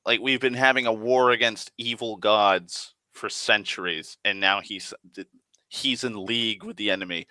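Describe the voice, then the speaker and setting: A man's voice: fairly low pitch, normal speed, bright, forceful tone, no room sound. A man retelling a tabletop game session in a rambling, profane way, full of fillers and restarts. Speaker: storyteller.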